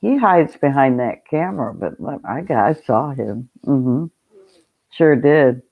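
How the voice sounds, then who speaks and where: A woman hosting a casual livestream, chatty and quick to laugh as she greets viewers. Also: extremely low pitch, lively intonation, creaky. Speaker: livestream host. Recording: tinny phone-like sound.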